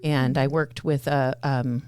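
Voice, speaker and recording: A woman's voice: extremely low pitch, flat delivery, takes it slowly, a little mellow, clean tone. An American woman hosting a casual podcast, talking in a chatty, rambling way with many fillers. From United States. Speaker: podcast host.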